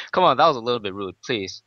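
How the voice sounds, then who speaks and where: A man's voice: mid-range voice, sharp tone, muffled recording. A man co-casting a live esports match, chatty and playful, breaking down the draft in detail. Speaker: esports color commentator.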